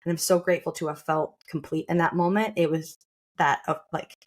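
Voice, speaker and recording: A woman's voice: sits low, fairly even intonation, brisk. Chatty young woman telling a story. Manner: chatty, with frequent "like" fillers and quoted asides. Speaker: podcast host sharing her birth story. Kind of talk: casual conversational storytelling.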